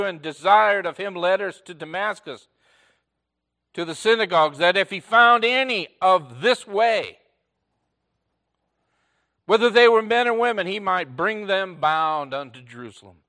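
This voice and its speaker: A man preaching a sermon in short, repeated phrases, rising to loud emphasis and dropping to a hush. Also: high-pitched, unhurried. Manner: swings between loud emphatic lines and hushed near-whispers. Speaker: pastor.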